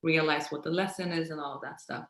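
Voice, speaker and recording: A woman's voice: low voice, steady tone, quick pace, reverberant. A woman guest in a casual conversation who often searches for words, with many fillers and restarts.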